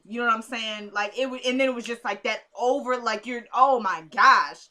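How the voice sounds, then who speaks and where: A woman's voice: fairly high pitch, normal speed, hardly any pauses, sharp tone. A woman recapping a TV episode in a casual vlog, rambling and talking straight to her viewers.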